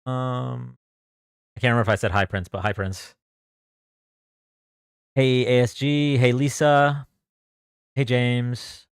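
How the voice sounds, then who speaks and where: A man's voice: mid-range voice, fairly even intonation, slow pace, vocal fry, pauses often, smooth, dry recording, clean studio sound. A young man hosting a live stream from home, chatting casually and greeting viewers by name in a loose, joking way. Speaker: livestream host.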